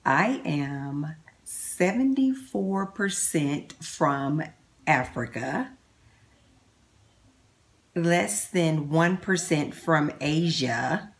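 A middle-aged woman vlogging to camera at home, chatting excitedly as she reads results off her computer. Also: low-pitched, drawn-out words, long pauses. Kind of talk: casual vlog to camera.

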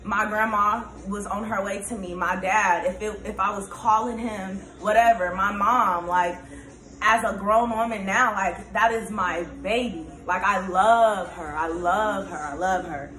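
A woman's voice: medium pitch, measured pace. A young woman vlogging in a casual, candid monologue, rambling with lots of fillers and often laughing. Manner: laughs often, turns loud and animated when excited. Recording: echoey room.

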